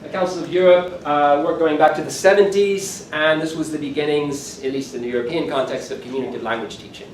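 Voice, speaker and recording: A man's voice: a little high, fairly even intonation, fast, few pauses, slight background noise. A man in his sixties giving a conference keynote lecture, talking conversationally with self-deprecating asides. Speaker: keynote speaker. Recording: echoey hall from far off, faint room ambience.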